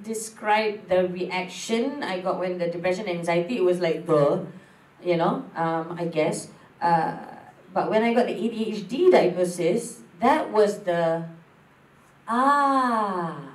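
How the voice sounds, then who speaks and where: A woman's voice: fairly low pitch, measured pace, echoey room, recorded from a distance, poor audio. A Malaysian woman talking candidly as a guest, moving between English and Malay. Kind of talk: casual talk show chat.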